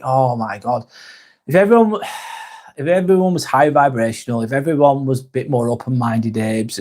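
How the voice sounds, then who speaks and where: Guy rambling on a live stream, sweary, sarcastic, reading chat out, middle pitch. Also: darkish tone.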